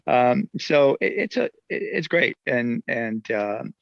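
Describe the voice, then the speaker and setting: A musician with a French accent, telling stories in a casual interview, animated and laughing often. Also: male voice, mid-range voice, takes it slowly, gravelly, no echo, highs cut off. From near Geneva. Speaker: musician guest.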